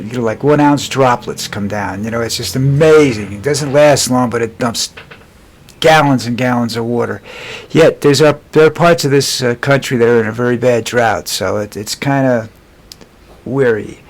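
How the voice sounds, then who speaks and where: A man giving casual political commentary in a vlog, rambling and sarcastic, with scornful asides and frequent halting restarts. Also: medium pitch.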